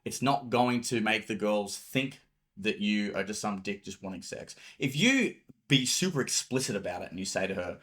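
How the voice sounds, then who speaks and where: A male dating coach speaks in a slightly low voice. He talks casually and bluntly, swearing freely and mixing in acted-out examples. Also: animated, moderate pace, fairly bright tone.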